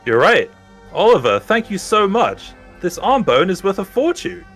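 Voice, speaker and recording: A man voicing an earnest middle-aged male pub owner, telling things slowly. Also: high-pitched, very animated, a bit bright, slightly rough, soft background music, full character voice.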